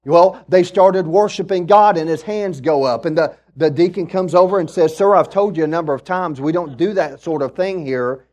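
A man preaching a sermon as a pastor, building to shouts and telling stories with quick asides. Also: fairly high pitch. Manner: preaching with rising shouts and call-outs; storytelling with asides.

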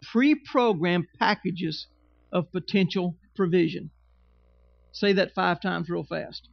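A man's voice: sits high, no room sound, lo-fi sound. A man preaching a sermon with emphatic, repetitive phrasing and humorous asides. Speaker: pastor.

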